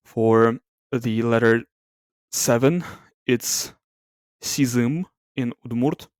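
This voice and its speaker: A man with a smooth, resonant voice talks softly through an ASMR-style language comparison. He thinks aloud, hesitates and corrects himself often. The sound is close and dry, with no room around it. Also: medium pitch, dry recording. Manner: soft-spoken, reluctant to talk aloud. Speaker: language video host.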